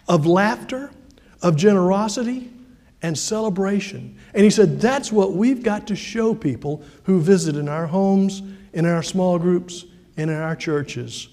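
A man's voice: sits high, dark tone. An older man preaching a sermon from a church pulpit in an easygoing, folksy way, with asides and rhetorical questions. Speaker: pastor. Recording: long reverb of a large hall.

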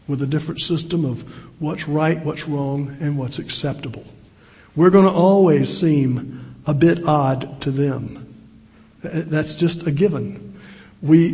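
Folksy older preacher in an echoing hall. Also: male voice, a little high, mellow. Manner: folksy storytelling with restarts and asides. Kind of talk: sermon. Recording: long reverb in a large hall.

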